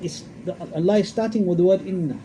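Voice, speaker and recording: This religious lecture comes from an Islamic scholar whose high-pitched voice is fast and dark in tone. He is emphatic, repeats himself, recites Arabic verses, and asks rhetorical questions, while the poor audio carries slight background noise.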